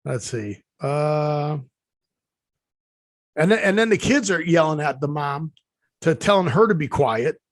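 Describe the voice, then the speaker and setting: A man with a fairly high voice tells a long, meandering anecdote and stops often to restart his sentences. His speech carries the easy looseness of casual podcast chat, recorded close and dry with no room sound. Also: lively intonation, a little slow, pauses often, dry recording. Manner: rambling storyteller, many fillers and restarts. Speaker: podcast co-host.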